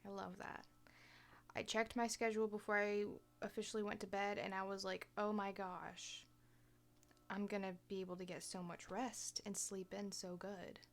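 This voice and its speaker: Soft-spoken young woman vlogging. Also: mid-range voice, flat delivery, moderate pace. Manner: soft-spoken, often half-whispered, hesitant with many fillers. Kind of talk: casual personal vlog.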